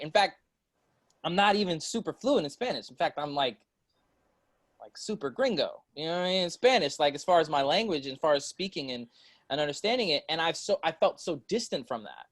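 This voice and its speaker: A man's voice: a little high, dry recording. A man on a podcast panel, talking casually in loose slang and laughing often.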